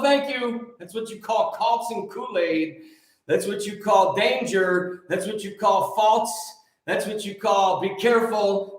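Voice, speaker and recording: Fervent high-voiced preacher man, echoey room. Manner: fervent, repetitive, swings from shouting to soft. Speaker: preacher hosting a live stream. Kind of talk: preachy livestream talk answering comments.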